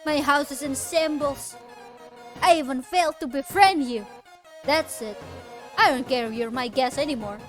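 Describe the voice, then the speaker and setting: A brash fish warrior woman from a video game, blunt and boastful, voiced by a woman reading her lines aloud, pitched high. Faint game music plays behind her. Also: moderate pace, natural voice. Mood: defiant.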